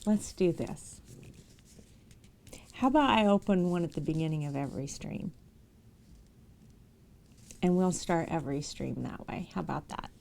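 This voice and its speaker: A woman's voice: deep voice, normal speed, creaky, long pauses, a little mellow. A woman live streamer chatting casually with her viewers, emotional and sentimental.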